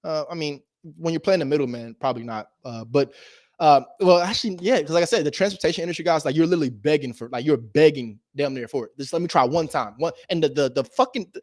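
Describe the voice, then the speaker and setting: A man giving a casual motivational talk as a host, animated and slangy, swinging between loud emphasis and low asides. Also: fast, no room sound, studio quality. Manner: slangy and direct, addresses viewers as bro. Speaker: real estate investor and video host.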